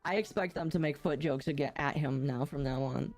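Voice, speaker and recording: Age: unknown. Sex: woman. Role: podcast co-host. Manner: blunt, opinionated, lower-pitched. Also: fairly quick, darkish tone, faint music behind. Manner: blunt and opinionated, laughs often. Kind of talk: casual chat.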